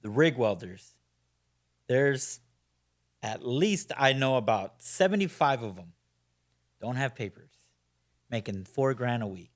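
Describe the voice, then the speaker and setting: Middle-aged american guy on a podcast, blunt and opinionated, rambles with lots of um and you know, mid-pitched voice. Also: lively intonation, slow, pauses often. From United States. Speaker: podcast guest. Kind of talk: casual interview talk.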